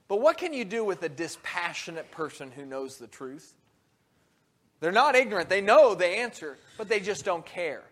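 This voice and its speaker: Preaching in a high-pitched voice, a man stays animated, swinging from soft to loud: quick and booming for acted-out quotes, hushed and low for solemn passages. Between points he chuckles, and he frequently restarts sentences.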